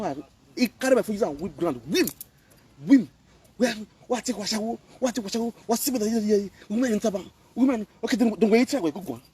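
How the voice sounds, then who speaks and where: A man's voice: high voice, breathy edge, dry recording, distant mic. A man from Benin, Nigeria, speaking Nigerian Pidgin English, who rants and scolds in a preachy live video commentary. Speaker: online commentator.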